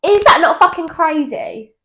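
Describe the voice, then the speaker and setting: A young woman co-hosting a podcast, telling ghost stories in animated casual chat and swearing freely. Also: very high-pitched, moderate pace. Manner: animated storytelling, swears freely, laughs often. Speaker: podcast co-host.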